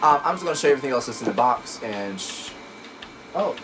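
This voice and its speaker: A man chatting casually while unboxing a laptop, excitable and gushing, recorded on a phone at home. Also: medium pitch, fast, rough recording. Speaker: tech unboxing vlogger. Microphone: phone camera. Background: background music.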